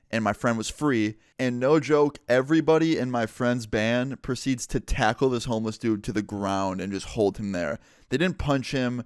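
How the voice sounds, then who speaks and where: A man's voice: mid-range voice, no echo. A young man tells a story from his own life for his vlog. He talks in a loose, casual way, with a mid-range voice and "like" dropped throughout. The recording is dry and close. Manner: casual, filler-heavy retelling with frequent "like". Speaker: vlogger.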